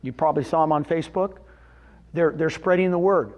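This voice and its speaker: A man's voice: a little high, fairly quick, darkish tone, lo-fi sound. A man speaking to a live audience at a real estate seminar, telling success stories animatedly and firing rhetorical questions at the crowd. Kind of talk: motivational talk to an audience.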